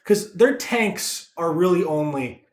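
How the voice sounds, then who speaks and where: Man, casual podcast chat, lively swooping voice, fairly high, profane rambling jokes, echoey room. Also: slow pace. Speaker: podcast co-host.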